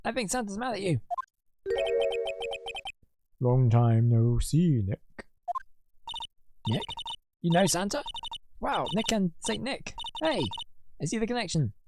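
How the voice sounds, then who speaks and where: A woman voicing a bubbly, excitable young female assistant. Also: fairly low pitch, slow, pauses often, over music, voice pushed up, exaggerated voice. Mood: excited. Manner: bubbly, wide-eyed.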